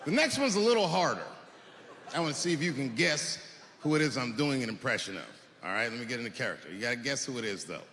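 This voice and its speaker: A man doing profane stand-up comedy on stage before a live audience, swinging from muttering to shouting. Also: mid-range voice, very animated, fast talker, a crowd in the background. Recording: long hall reverb, noisy live room.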